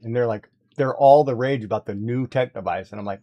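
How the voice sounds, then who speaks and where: Chatty man telling animated stories. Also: medium pitch, a little fast. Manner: animated storyteller, laughs often, mimics his mother. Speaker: guest on a craft livestream. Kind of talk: casual chat.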